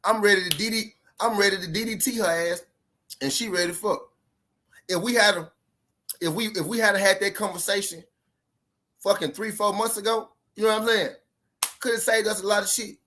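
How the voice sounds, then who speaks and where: A high-pitched, bright and forceful voice with a steady tone moves fairly quickly, broken by long pauses. The man, a vlogger giving relationship advice, casually tells viewers a relationship story in profane, repetitive street talk that leans hard on his points.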